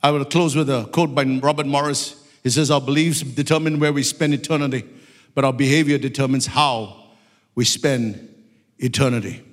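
A man preaching a sermon with fervent passion, at times shouting out prayers. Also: mid-range voice, steady tone, moderate pace, in a large hall.

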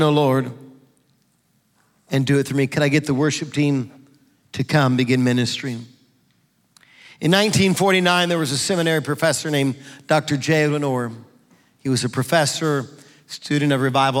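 A middle-aged man preaching a fervent sermon in a church, building to shouts. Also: on the high side. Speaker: pastor. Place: church sanctuary. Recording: long reverb of a large hall.

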